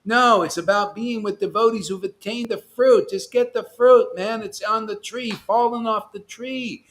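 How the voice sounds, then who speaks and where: A man leading an online devotional class, talking in an animated, impassioned way that swings between loud urging and soft asides. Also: high-pitched, normal speed. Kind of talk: impassioned casual teaching.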